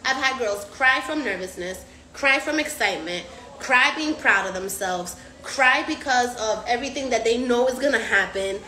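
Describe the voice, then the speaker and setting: A woman's voice: on the high side, normal speed, reverberant. A woman hosting a casual live stream, slangy and profane, acting out other people's voices as she talks. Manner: animated, acts out patients' voices. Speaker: recovery house host.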